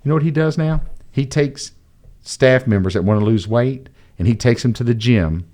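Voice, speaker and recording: A man appearing as a podcast guest, an entrepreneur and mentor, tells a personal story casually and with animation, acting out the dialogue. His voice sits in the mid-range at a normal speed.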